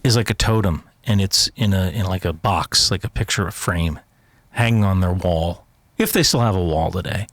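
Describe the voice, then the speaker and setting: A man talking as an intelligence analyst guest in casual podcast chat, animated, laughing often and restarting his sentences. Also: low voice, normal speed, no room sound.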